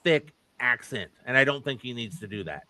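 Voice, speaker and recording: A man's voice: medium pitch, animated, a little fast, pushed and bright. A man co-hosting a wrestling podcast, giving plain-spoken, opinionated takes in casual chat. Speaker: podcast co-host.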